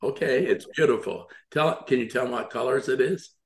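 A man hosting an on-air interview, halting and full of praise and encouragement. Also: medium pitch, roomy sound. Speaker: radio show host.

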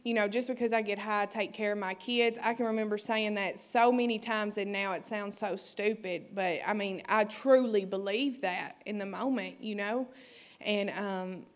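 A young woman giving an emotional personal testimony, halting, with many fillers. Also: mid-range voice, steady tone. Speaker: testimony speaker at church.

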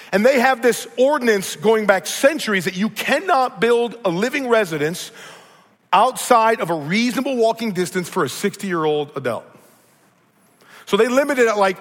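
Man, Midwestern accent, pastor, sermon, high voice, long hall reverb. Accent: Midwestern American. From American Midwest. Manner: storytelling, earnest, repeats words when starting.

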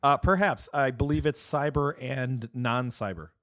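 A man's voice: mid-range voice, measured pace, no echo. Brief: male podcast co-host, jokey, dry close-mic sound. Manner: joking, playful asides, trails off quietly. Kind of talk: casual tech podcast chat.

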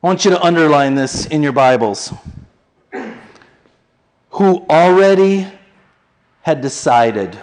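A man preaching a conversational, animated sermon and acting out the quoted voices. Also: a little high, slow, long pauses, poor audio. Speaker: pastor.

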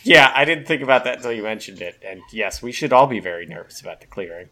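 Brief: male player, halting speech, bright voice, distant from mic. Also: mid-range voice, animated. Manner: halting, thinking aloud. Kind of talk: casual tabletop play.

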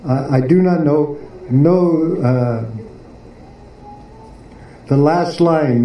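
A man giving a devotional class who explains a poem haltingly, often pausing and searching for words. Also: a little high, dull audio. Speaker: spiritual teacher. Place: devotional garden venue in Philadelphia. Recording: echoey room, distant mic, faint noise.

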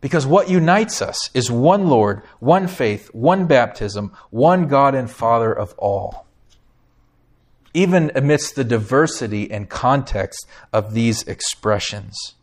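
A man's voice: mid-range voice, animated, slow. Emphatic male pastor preaching a sermon. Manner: emphatic, rising on key phrases, asks the congregation questions. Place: church sanctuary.

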